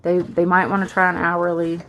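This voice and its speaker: A woman's voice: fairly low pitch, monotone, normal speed, fairly bright tone, slight background noise. A woman with a Southern US accent, chatting casually and rambling as she walks through her planner setup. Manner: rambling, chatty, with fillers and asides. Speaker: planner vlogger.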